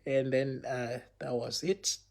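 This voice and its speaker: A man's voice: mid-range voice, flat delivery, slow, creaky, darkish tone. A young man telling a personal story on a livestream in a casual, rambling way, often repeating himself and checking in with viewers.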